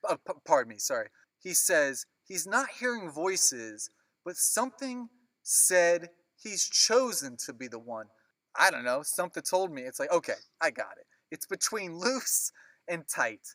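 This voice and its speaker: A man hosting a movie podcast in a lively, joking way, throwing in quick asides. His voice is bright and forward. It is close and dry on the mic. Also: on the high side, dry recording. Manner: animated, jokey, quick asides. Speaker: podcast host. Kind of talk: casual chat.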